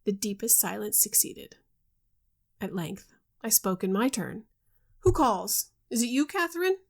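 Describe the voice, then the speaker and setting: A woman reading the part of a grave young husband troubled by a mysterious voice, in a measured, earnest way and in her own voice. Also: medium pitch, very animated, gravelly, heavily acted.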